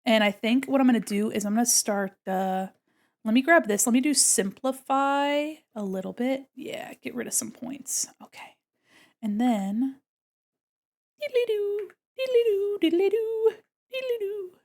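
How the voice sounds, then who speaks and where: A woman livestreams herself drawing, chatting playfully and narrating every step as she works. Her voice is a little high and she talks at a normal speed.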